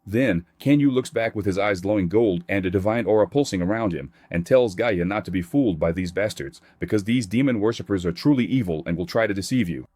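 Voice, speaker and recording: A man's voice: lowish voice, brisk, few pauses, a little mellow, no room sound, studio quality. A man narrating a comic recap in a plain scripted read, voicing characters' quotes in his own voice.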